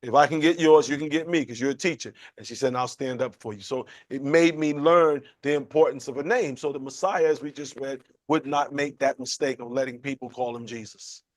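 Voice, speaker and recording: The recording is dry as a man delivers a chatty, call-and-response sermon to a Bible class, talking a little fast with barely a pause. He keeps questioning his listeners and playfully acts out quotes with sudden pitch jumps, full of animation.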